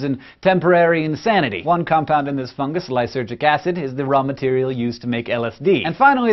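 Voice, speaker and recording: A man hosting a science lesson, delivering scripted narration in an energetic, playful, emphatic way. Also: a little high, lo-fi sound. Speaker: science educator host.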